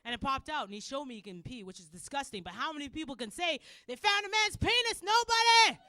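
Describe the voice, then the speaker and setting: A young Canadian woman with a Canadian accent doing a loud, animated stand-up set, acting out characters and laughing often. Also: sits high, quick pace, dry recording. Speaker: stand-up comedian.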